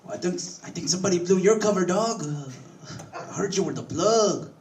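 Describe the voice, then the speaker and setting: A man's voice: brisk, a little mellow, echoey room, far from the mic, lightly acted. A man voicing a blunt, streetwise young male coworker who talks in slang. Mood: eager. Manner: slangy, high and eager.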